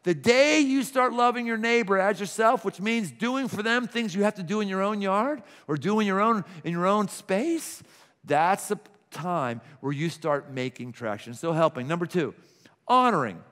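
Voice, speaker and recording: A middle-aged man preaching a sermon, lively and animated, acting out little scenes with gasps and laughs. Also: high voice, normal speed. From Pittsburgh. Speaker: pastor. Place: large church auditorium. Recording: long hall reverb from a church auditorium.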